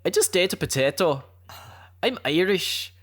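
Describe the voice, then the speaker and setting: A man putting on a jokey stereotyped Irishman's voice, pitched up above his own. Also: sing-song, slow, full character voice. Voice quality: raised pitch. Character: stereotyped jolly Irishman who drinks beer.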